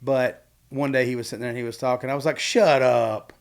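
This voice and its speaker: A man in his forties co-hosting a casual podcast, telling stories in an animated way and acting out what people said. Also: mid-range voice, very fast, clean tone. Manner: animated storyteller who acts out quotes. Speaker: podcast co-host.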